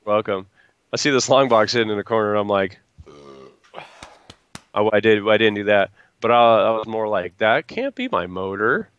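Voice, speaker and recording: A man's voice: lowish voice, fairly even intonation, moderate pace, long pauses, a bit bright, clean tone, dry recording, lo-fi sound. Rambling man telling truck stories. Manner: rambling storyteller acting out quotes. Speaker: guest truck builder. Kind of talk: casual chat.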